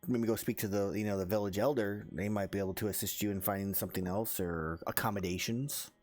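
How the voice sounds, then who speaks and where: A man's voice: on the low side, steady tone, fast talker, darkish tone, faint music behind, lightly acted. A man doing a sly old half-elf merchant. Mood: helpful.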